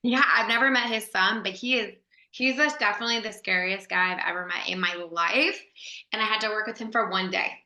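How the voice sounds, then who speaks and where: A woman's voice: medium pitch, a little fast, bright, forceful tone, reverberant. A woman actress telling a story as a guest, chatty and full of "like" fillers, laughing as she goes. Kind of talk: animated anecdote storytelling.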